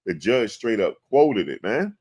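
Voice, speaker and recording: Man, casual commentary host, slangy and animated, lowish voice. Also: a little slow, slightly rough. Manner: animated, slangy, acts out quotes in exaggerated voices. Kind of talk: casual live-stream commentary.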